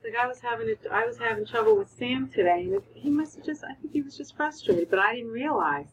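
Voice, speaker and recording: A woman's voice: a little high, lively intonation, a little fast, a little hiss or hum, low-quality recording. A mother in casual chat, animatedly retelling a struggle with her child and quoting herself. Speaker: parent.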